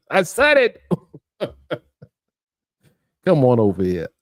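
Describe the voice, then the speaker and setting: Middle-aged male livestream host; animated, taunting delivery, lively pitch. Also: drawn-out words. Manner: animated, mocking, laughs often, repeats himself. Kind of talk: casual livestream rant.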